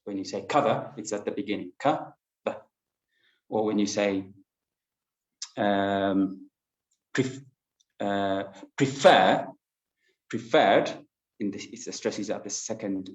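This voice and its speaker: Teaching English online in an echoey room, a man speaks in a fairly low, creaky voice with a darkish tone. He's patient but full of fillers and restarts, and the recording sounds dull and lo-fi.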